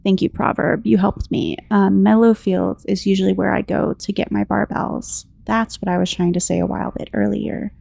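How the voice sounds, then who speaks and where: Gravelly American woman chatting over gameplay. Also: mid-range voice, fairly even intonation, normal speed, few pauses, dark tone, dry recording. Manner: chatty, rambling, reads game text aloud. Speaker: gameplay commentator. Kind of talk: relaxed gameplay commentary.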